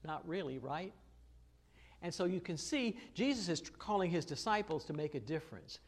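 Man, pastor, expository sermon, slightly high voice, chatty, lots of uh fillers, emphatic stress on key phrases. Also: sing-song, moderate pace, slightly rough. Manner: conversational, many "uh" fillers and restarts.

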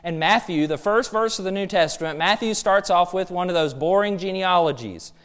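Guy preaching, pretty high voice, smooth and clear, keeps firing rhetorical questions. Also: brisk, fairly bright tone. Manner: emphatic, asks rhetorical questions. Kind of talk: sermon.

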